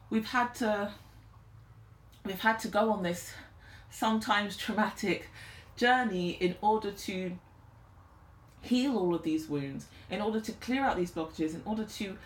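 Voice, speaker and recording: A woman's voice: mid-range voice, unhurried. Emotional woman in an echoey room. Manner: earnest, emotional, on the verge of tears. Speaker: tarot reader. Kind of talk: channelled reading monologue.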